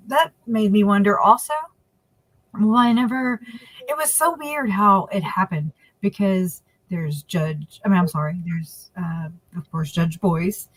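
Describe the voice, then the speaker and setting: A woman co-hosting a casual livestream chat, opinionated and quick to laugh. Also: fairly low pitch, poor audio. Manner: chatty, laughing asides, opinionated. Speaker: livestream co-host.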